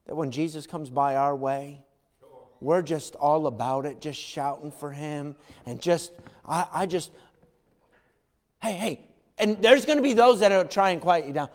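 Pastor guy preaching, kinda high voice, acts out the voices, shouts sometimes, big hall echo. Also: unhurried. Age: adult parent. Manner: animated, acts out quoted voices, shouts for emphasis. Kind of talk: sermon. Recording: long hall reverb.

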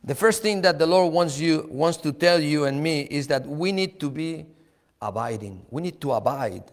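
A man preaching a sermon, slow and emphatic, repeating key words and chuckling now and then. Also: on the high side, lively intonation, big-room sound.

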